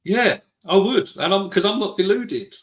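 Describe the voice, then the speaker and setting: A British man with a high, expressive voice co-hosts a podcast at normal speed, his fairly bright tone ringing in a reverberant space. He reads out live chat messages casually, teasing and arguing with his co-host and laughing often.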